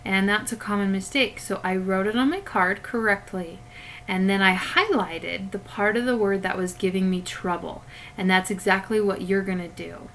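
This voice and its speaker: Teacher lady talking kids thru a spelling lesson, slow and patient, webcam mic, faint hiss behind. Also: mid-range voice, a bit bright, poor audio. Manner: patient, step-by-step instruction to children. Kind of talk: recorded classroom lesson.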